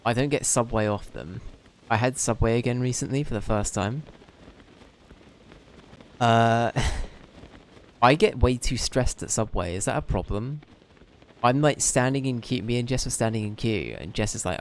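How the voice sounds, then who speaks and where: A man's voice: medium pitch, normal speed, long pauses. A young Englishman chatting casually and rambling with self-mocking humour while streaming a game. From England.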